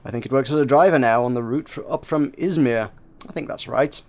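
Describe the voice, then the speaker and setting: A man voicing a gruff woman mechanic with a Yorkshire accent, grumbling as he reads a game aloud. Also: mid-range voice, brisk, darkish tone, lightly acted. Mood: chatty.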